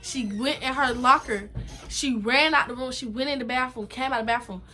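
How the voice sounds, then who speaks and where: High bright-voiced young woman telling a story. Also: moderate pace. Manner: animated, emphatic slangy storytelling. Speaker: vlogger. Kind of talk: story time vlog.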